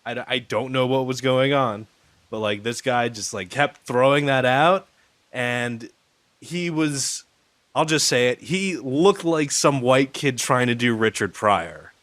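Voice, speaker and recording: A man's voice: mid-range voice, measured pace, fairly bright tone, no echo. A man co-hosting a podcast remotely in casual chat, rambling and swearing, padding his talk with "like.". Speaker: podcast co-host. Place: on the road, remote call.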